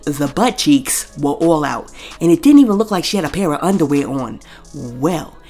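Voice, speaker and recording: A gossip show host with a voice that sits low and a little mellow delivers scripted celebrity commentary. She's chatty, addresses viewers directly, and reads posts out loud while spelling the censored swearing.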